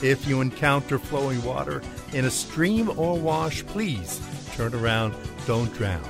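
A man's voice: medium pitch, animated, measured pace, gravelly, hardly any pauses. A man hosting local radio, reading a police log and a weather forecast in a clipped, list-like delivery. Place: radio studio. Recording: music bed behind the voice.

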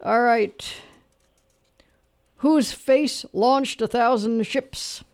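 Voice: medium pitch, drawn-out words. A radio talk show host running a call-in trivia quiz, chatty, chuckling and full of fillers. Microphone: studio microphone.

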